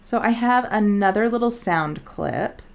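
A woman's voice: mid-range voice, expressive, a little slow, gravelly. A woman co-hosting a podcast in casual chat, talking in a rambling, chatty way and often saying "like". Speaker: podcast co-host.

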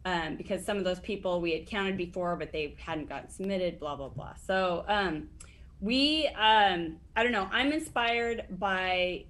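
Excitable rambling woman giving a team update. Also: fairly low pitch, unhurried. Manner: rambling, excitable, many fillers and restarts. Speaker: insurance agent sharing team update. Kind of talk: casual team call update.

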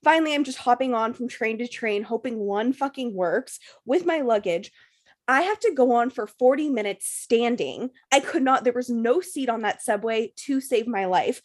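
A woman's voice: on the high side, expressive, moderate pace. A young woman telling a story in a casual chat, swearing freely and filling her talk with "like". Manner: profane, breathless storytelling full of "like" fillers.

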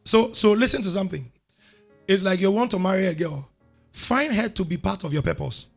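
A man, a pastor preaching a sermon with call-and-response to his congregation and loud exhortations. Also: high-pitched, fairly quick, gravelly, husky, soft background music.

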